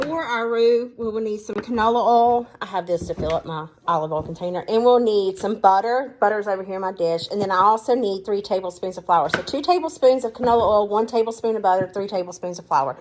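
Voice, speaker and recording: Chatty woman in her kitchen. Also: fairly high pitch. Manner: chatty, self-deprecating, talks straight to viewers. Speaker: cooking channel host. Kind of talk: casual cooking vlog. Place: home kitchen. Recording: clear kitchen noise behind. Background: pots, pans and whisking.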